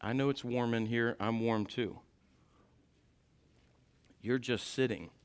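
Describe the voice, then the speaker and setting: A man preaching a sermon in a warm church, dropping to quiet asides and rising to loud climaxes. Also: fairly even intonation, slow pace, smooth. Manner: swings from low asides to shouted climaxes.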